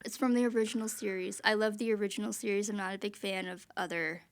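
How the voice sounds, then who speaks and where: A woman co-hosting a podcast, talking in casual chat with quick, filler-heavy asides. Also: medium pitch, steady tone. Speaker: podcast co-host.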